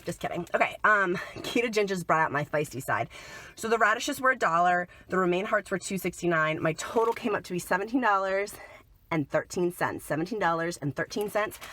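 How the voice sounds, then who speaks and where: A woman's voice: lowish voice, a bit bright. A woman chatting casually to viewers in an upbeat shopping haul vlog, a little sick. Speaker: vlogger.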